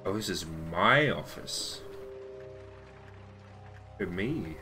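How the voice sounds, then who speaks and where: A man's voice: deep voice, expressive, extremely slow, sharp tone, faint music behind. A man casually commenting while playing a video game, reading notes aloud and laughing. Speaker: gaming channel host. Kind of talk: casual let's play commentary.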